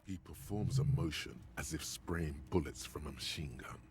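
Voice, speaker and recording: A man's voice: rumbling low, moderate pace, slight background noise. A man narrating a detective game as the hero's inner voice, detached and matter-of-fact.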